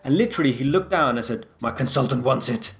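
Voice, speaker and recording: Animated man telling a story. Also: mid-range voice, fast, creaky, faint music behind. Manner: animated storyteller, acts out quoted lines. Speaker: podcast co-host. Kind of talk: casual chat.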